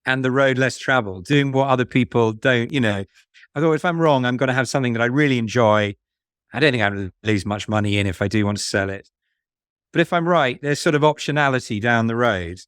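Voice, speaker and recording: A man being interviewed about investing, speaking in a musing, halting way with many restarts. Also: mid-range voice, a bit bright, clear, resonant tone, dry recording, studio quality. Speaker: fund manager guest. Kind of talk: conversational podcast interview.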